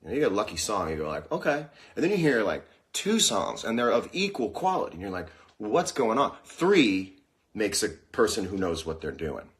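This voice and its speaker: Rambling jokey man, lively pitch. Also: moderate pace. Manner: rambling, jokey, bursts into yelling. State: aching dry socket. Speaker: show host. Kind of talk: casual live-stream chat.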